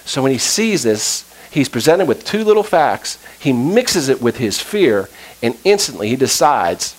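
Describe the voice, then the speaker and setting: A man's voice: mid-range voice, big pitch swings, moderate pace, poor audio. A male pastor preaching a sermon, retelling a story with acted-out quotes and casual asides.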